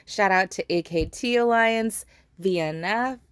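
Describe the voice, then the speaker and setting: A young woman talks through her gaming session in a loose, chatty vlog style, laughing often and circling back on her words. Her voice sits at a middle pitch. The recording is dry and close, with no room sound. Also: measured pace, clean tone, no room sound. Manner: laughs often, breaks into giggles; chatty, rambling, frequent restarts and "like". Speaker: gaming channel host. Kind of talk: casual gaming vlog commentary.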